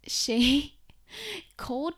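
Young woman podcast host, casual storytelling, chatty and expressive, lots of "like". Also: sits high, extremely slow. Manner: chatty and expressive, heavy use of "like".

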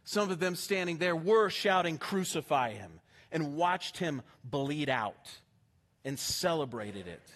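Impassioned high-voiced male preacher. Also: slow. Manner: impassioned, swinging between hushed and emphatic. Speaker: pastor. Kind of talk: sermon.

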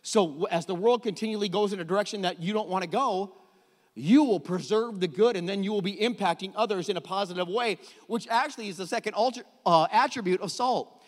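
A middle-aged man preaching a sermon, animated and jokey, often repeating words as he goes. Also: high voice, brisk, in a large hall. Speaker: pastor. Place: church hall.

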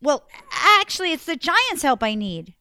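Lady doing a jittery young prince, stammers, high and loud. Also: sing-song, normal speed, no room sound, clean studio sound, heavily acted. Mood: nervous.

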